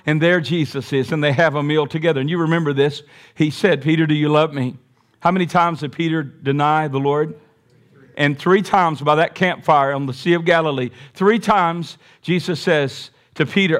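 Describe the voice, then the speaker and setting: Male pastor preaching emphatically, high voice, rhetorical questions throughout. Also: a bit bright. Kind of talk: sermon.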